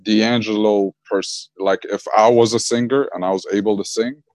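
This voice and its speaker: A young man from Egypt chatting casually on a video call, relaxed and slangy, laughing often. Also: lowish voice, moderate pace, dry recording. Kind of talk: casual chat.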